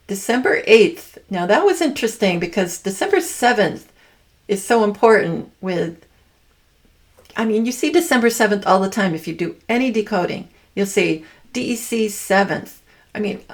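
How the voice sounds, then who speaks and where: A woman's voice: mid-range voice, vocal fry. A woman hosting her channel, talking in a rambling, casual monologue, often stopping to correct herself and stressing key words. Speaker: channel host. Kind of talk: casual monologue decoding numbers.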